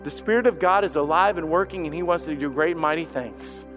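Impassioned high-voiced male preacher. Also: brisk, soft background music. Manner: impassioned, swinging between hushed and loud, repeating phrases. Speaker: lead pastor. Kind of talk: sermon.

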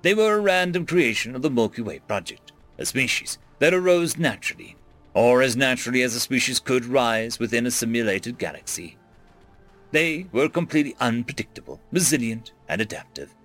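Animated male story narrator. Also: medium pitch, a little fast. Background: faint music.

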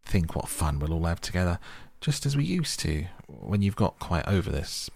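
A man's voice: deep voice, big pitch swings, normal speed, vocal fry, a little mellow, exaggerated voice. A man doing a sceptical, loyal water rat. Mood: dubious. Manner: dubious yet kindly. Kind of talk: storybook reading.

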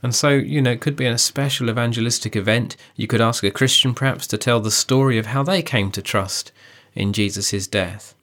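A man talking through a sermon outline in an earnest, measured manner. He leans on key phrases and slows down to stress them. His voice sits at an ordinary middle pitch. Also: fairly bright tone. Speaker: preacher giving a preaching guide. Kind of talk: teaching dialogue on sermon preparation.

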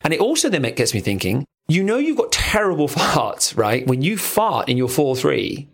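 A man co-hosting a podcast in a studio, a relationship coach who talks in an animated, playful and crude storytelling way. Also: fairly high pitch, moderate pace, vocal fry, slightly rough. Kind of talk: casual podcast chat. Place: recording studio.

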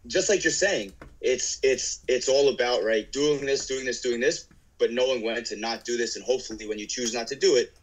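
A man telling a paintball story in casual talk, animatedly acting out his teammates' shouted lines. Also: medium pitch, normal speed, poor audio. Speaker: guest paintball player.

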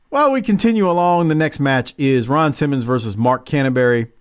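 Lively casual podcast host man. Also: medium pitch, brisk, few pauses, smooth, no room sound. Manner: casual, lively, joking, swears. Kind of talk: casual wrestling recap chat.

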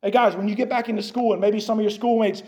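A man preaching a sermon to a youth group, animated, swinging from quiet talk to shouting and speaking straight to his listeners. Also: high-pitched, fast talker.

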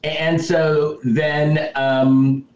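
A man's voice: a little high, flat delivery, drawn-out words, a little mellow, highs cut off. Roomy-sounding man recapping a movie. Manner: storytelling recap, emphatic repeated yeses. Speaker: podcast co-host. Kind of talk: casual movie recap chat.

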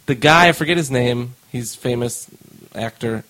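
A young man talks on a podcast in a mid-pitched voice. He rants about movies and shopping in a blunt, emphatic way. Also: normal speed, sharp tone, poor audio. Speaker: podcast co-host. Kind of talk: casual chat.

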